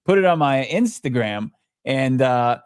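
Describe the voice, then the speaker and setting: A man's voice: medium pitch, expressive, a little slow, smooth, dry recording, clean studio sound. A man co-hosting a sports podcast, chatting casually and enthusiastically. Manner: chatty, enthusiastic salesman-like ad reads. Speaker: podcast co-host.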